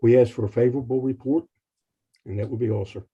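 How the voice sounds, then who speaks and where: A man's voice: mid-range voice, fairly even intonation, fast talker, slightly rough. A man giving emotional, earnest testimony at a legislative hearing as a committee chairman. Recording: dull lo-fi hearing stream.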